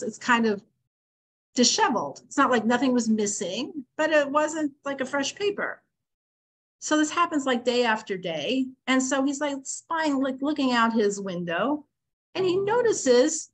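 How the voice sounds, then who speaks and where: A middle-aged woman teaching a Torah lesson in a chatty storytelling way, acting out the voices of the people in her story and mixing in Hebrew and Yiddish words. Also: a little high. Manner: animated storyteller acting out both sides of dialogue; conversational, many "like" fillers, Yiddish and Hebrew terms.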